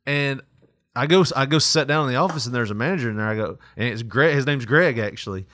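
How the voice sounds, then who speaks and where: A man's voice: medium pitch, fast, a bit bright, a little hiss or hum. A young man telling a work story in casual chat, laughing often and acting out quotes. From Tennessee.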